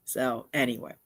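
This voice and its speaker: A woman's voice: rumbling low, husky. Chatty, meandering woman streamer. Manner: chatty and meandering, breaking off and circling back mid-thought. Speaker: channel host. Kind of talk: casual live-stream chat.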